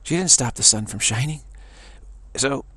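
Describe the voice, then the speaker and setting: A man giving a rambling spiritual talk, digressive and halting, restarting his sentences often. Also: medium pitch, pushed and bright, husky, no echo. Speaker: spiritual teacher. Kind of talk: rambling spoken monologue.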